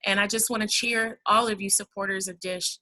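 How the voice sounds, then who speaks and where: Speaking a little fast in a steady, sharp, medium-pitched voice, a woman hosts a virtual fundraiser for a housing nonprofit over video call. She keeps it casual and heartfelt, addressing everyone as y'all, over poor audio.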